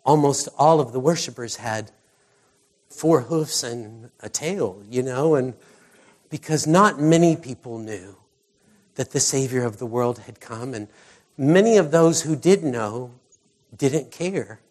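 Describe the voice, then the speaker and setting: An American man preaching a conversational sermon, telling stories and acting out the people in them with lively, animated delivery. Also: medium pitch, slow. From United States. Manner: animated storyteller who voices characters. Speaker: pastor.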